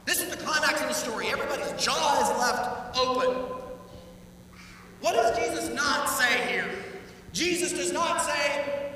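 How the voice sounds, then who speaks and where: A high-pitched, bright-toned man preaches a lively sermon, acting out the quoted voices as he goes. He sounds a little far from the mic, and his voice rings through a church with a long reverb tail. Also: unhurried, a little hiss or hum. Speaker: pastor. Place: church sanctuary. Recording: echoey church hall, heard from a distance.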